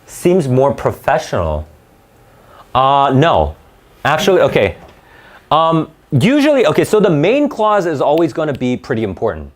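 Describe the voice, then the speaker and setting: A man's voice: on the high side, wildly swooping pitch, moderate pace. A man teaching a grammar lesson to a class, restarting words often and checking in with "right?".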